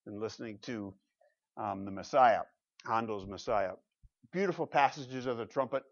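A man preaching a sermon in a church, with emphatic swelling peaks and quieter conversational asides. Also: fairly low pitch, normal speed, gravelly, highs cut off. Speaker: pastor.

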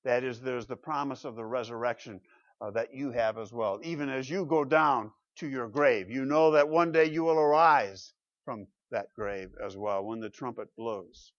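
A man's voice: mid-range voice, normal speed. Emphatic preaching man, lo-fi recording. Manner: emphatic preaching with swelling loud peaks and quieter asides. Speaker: pastor. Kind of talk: sermon. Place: church.

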